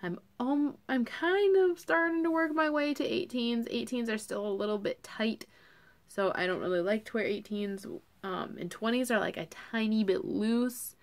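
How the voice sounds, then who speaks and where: A woman's voice: on the high side, moderate pace. A young woman talking casually to camera as a vlogger, chatty and full of fillers.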